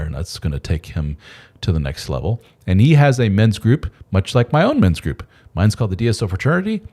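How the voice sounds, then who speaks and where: Deep voiced guy chatting on a livestream, loose and rambly, swings up and down a lot. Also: warm tone. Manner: rambling, loose and candid, with mild swearing. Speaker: host of a men's support channel. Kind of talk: casual live-stream chat.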